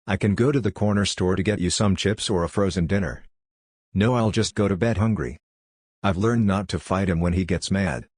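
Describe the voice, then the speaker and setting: Deep-voiced man reading a story aloud. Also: a little mellow, dry recording, clean studio sound. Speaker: narrator. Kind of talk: reading a web post aloud.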